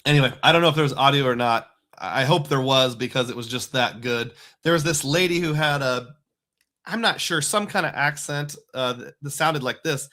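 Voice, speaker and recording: A man's voice: medium pitch, moderate pace, pushed and bright. A man hosting a casual livestream, chatting loosely and reading out supporter names. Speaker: livestream host.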